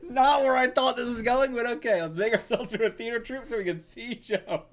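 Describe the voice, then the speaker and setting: A man's voice: very high voice, brisk. A man hosting a casual manga reaction, reading pages aloud and laughing often. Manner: giggly, excitable, often laughing.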